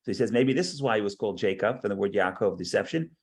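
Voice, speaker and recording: A man's voice: on the low side, expressive, quick pace. Male teacher, text study lecture, reads verses then explains, repeats words mid-thought. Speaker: Torah class teacher.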